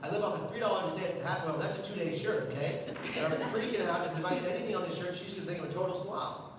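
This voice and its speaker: A man's voice: sits high, rapid-fire, noisy background. A man in his thirties giving a live keynote, telling a comic story and acting out the voices he quotes. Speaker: public speaker. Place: large hall. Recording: distant echoey hall recording.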